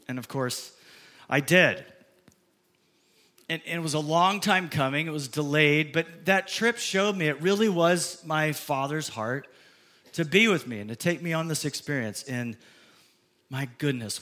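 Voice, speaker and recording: A man's voice: fairly high pitch, lively intonation, unhurried, pushed and bright. A man in his fifties from the American Midwest, a pastor preaching a conversational, storytelling sermon. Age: 50s.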